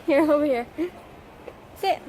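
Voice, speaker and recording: High-voiced young woman vlogging. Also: a little slow, dark tone, a little hiss or hum. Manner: talks to her dog in short, high, praising commands. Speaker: vlogger and service dog handler. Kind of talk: casual vlog chat.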